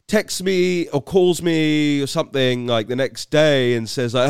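A man's voice: a little high, moderate pace, clear, resonant tone, no room sound, clean studio sound. A British man from West London, host of a podcast, telling a story in a rambling, self-deprecating way with many restarts. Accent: British English. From West London, England. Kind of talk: casual anecdotal storytelling.

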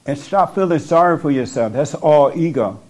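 A man counsels a listener in a preaching manner, blunt and insistent, hammering the same points again and again. His voice sits a little higher than most men's. He talks into a microphone. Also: lively intonation, moderate pace, darkish tone. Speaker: spiritual counselor. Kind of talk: preaching counsel to a person in front of him. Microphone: speaking into a microphone.

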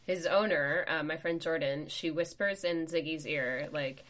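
Low-voiced woman, animated storyteller. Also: unhurried, hardly any pauses. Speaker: podcast co-host. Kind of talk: casual chat.

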